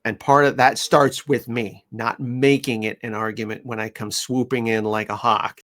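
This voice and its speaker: A man who trains dogs, chatting casually and telling animated stories, often laughing and switching into high, playful voices for the people and dogs he quotes. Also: moderate pace. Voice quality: chatty with frequent fillers and laughs. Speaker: dog trainer. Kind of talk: casual chat.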